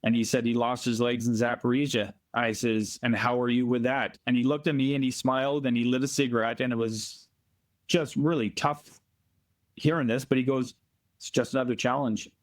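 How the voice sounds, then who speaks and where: A man's voice: mid-range voice, fairly even intonation. Plainspoken Canadian man telling stories. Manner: plainspoken, emphatic, slows down for emphasis. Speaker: volunteer interviewee. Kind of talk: earnest storytelling interview. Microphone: remote call from abroad.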